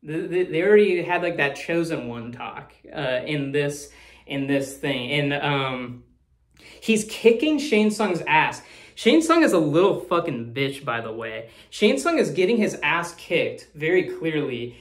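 A man's voice: on the high side, sing-song, a little slow. A man talking casually as the host of a movie review, rambling, swearing freely and laughing often. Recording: roomy echo.

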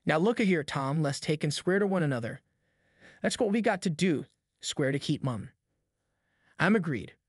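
Two scared backwoods boys trade hushed lines in a thick rural drawl, voiced by a man. The voices sit fairly high, and the recording is dry and close. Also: expressive, normal speed, pauses often, slightly rough, dry recording. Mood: scared whisper. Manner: rustic dialect drawl, hushed and fearful. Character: two frightened backwoods boys whispering at night.

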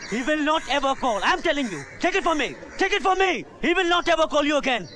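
A man's voice: very high-pitched, big pitch swings, quick pace, pushed and bright, exaggerated voice. An actor playing a bitter, self-loathing young son who rants and repeats himself at his mother in a film drama.

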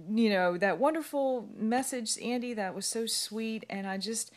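A woman's voice: a little high, measured pace. A woman talking from her bed at home into a phone camera, rambling and emotional as she holds back tears. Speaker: fitness coach. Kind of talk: emotional video message.

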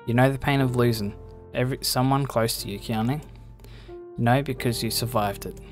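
A rough-spoken old grandmother, fierce and protective, as a man reading a game story puts her on. Her words are blunt and gruff. The voice is middle-pitched. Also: fairly even intonation, normal speed, soft background music, close to an everyday voice. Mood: stern.

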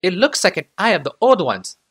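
A man voicing an anxious, deferential male servant in an audiobook reading, his voice pushed high and strained. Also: sing-song, a little fast, fairly bright tone, full character voice. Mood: nervous.

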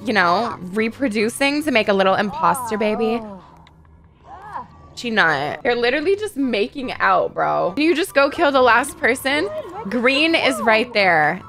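A woman giving playful, profane gameplay commentary as a video host, excitable and quick to shriek. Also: a little high.

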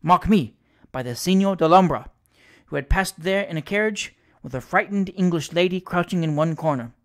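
An audiobook reader narrating a classic ghost story with measured storytelling. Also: mid-range voice. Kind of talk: classic fiction read aloud.

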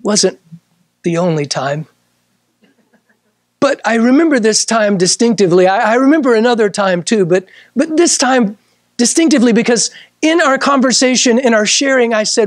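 A male pastor preaching a midweek sermon, emphatic, repeating key phrases and moving between slow, drawn-out lines and quick bursts. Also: high voice, no room sound, studio quality. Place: church service.

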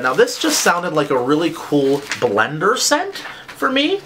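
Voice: mid-range voice, wildly swooping pitch, measured pace, background noise. A vlogger chatting casually during an unboxing, with lots of "like" fillers. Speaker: vlogger reviewing candle scents.

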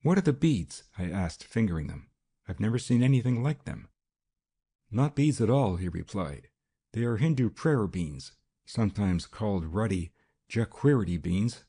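A man narrating a detective novel as an audiobook in a measured, even reading style. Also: fairly low pitch, husky. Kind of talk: scripted narration.

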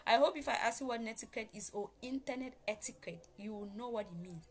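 A woman's voice: a little high, quick pace. A woman hosting a casual spoken lesson on online manners, repeating her points emphatically and explaining them step by step. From Africa. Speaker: host teaching online manners.

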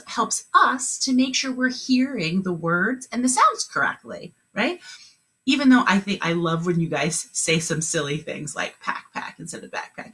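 A woman's voice: on the low side, sharp tone. A woman teaching a remote kindergarten lesson, talking in an encouraging, sing-song way with lots of praise.

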